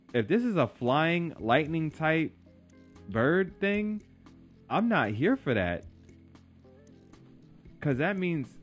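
Young male gaming YouTuber, excitable slangy live commentary, very lively pitch, light music bed. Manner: excitable, slangy, yelps and talks to his pet creature. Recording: faint game music behind.

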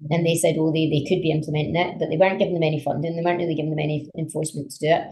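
A woman talking as a guest on a podcast. She tells stories in an animated way and uses a lot of fillers. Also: low voice, racing, a little hiss or hum, poor audio. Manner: animated storyteller, many fillers. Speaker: politician guest. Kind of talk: casual conversation.

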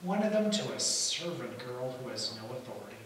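A man preaching a sermon as pastor, telling the story in an animated way and acting out the quotes. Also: medium pitch, fairly quick. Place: church hall. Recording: echoey hall from far off, faint hiss.

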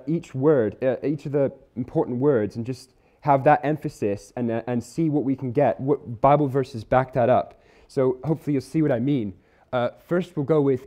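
Earnest man preaching, mellow voice. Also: mid-range voice. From Isle of Man or UK. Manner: earnest, conversational, slows to stress key words. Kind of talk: sermon. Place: church hall.

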